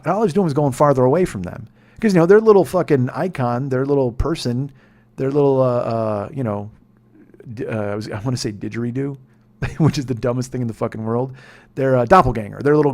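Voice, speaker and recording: Fast-talking, profane ranting man. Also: medium pitch. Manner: swings between muttering and loud exasperation. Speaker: podcast host. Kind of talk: rambling comedic monologue.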